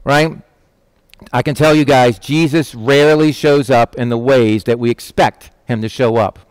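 A man preaching a sermon, lively and conversational, often asking "right?" and acting out quoted lines in changing voices. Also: medium pitch, normal speed, smooth, dry recording.

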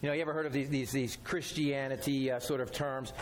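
A man's voice: medium pitch, steady tone, fast talker, a little hiss or hum. A man preaching a sermon as a pastor, talking directly and conversationally, repeating his key phrases.

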